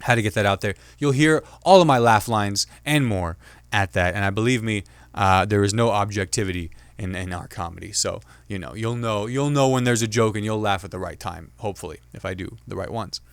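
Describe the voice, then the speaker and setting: A man hosting his own comedy commentary show, talking casually and jokingly, slipping into quick impressions of other people. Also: on the low side, clean tone, dry recording. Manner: chatty, jokey, mimics others in quick asides. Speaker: podcast host and comedian.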